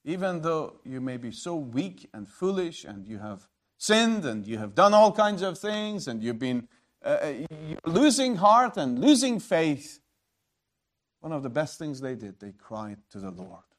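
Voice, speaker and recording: This preacher's voice is on the high side and sing-song, and he speaks a little slowly. His sermon is emphatic and moves between loud and quiet passages, with rhetorical questions and listeners addressed as friends.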